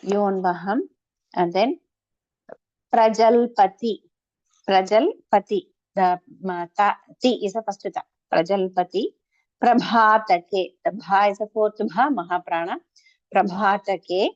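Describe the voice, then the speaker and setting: A woman leads an online chanting class, saying syllables slowly and precisely. Her voice has a steady middle pitch and sits very dry and close. The call audio is dull and lo-fi. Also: no echo. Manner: patient, precise, repeats each syllable. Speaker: chanting teacher. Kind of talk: online pronunciation lesson.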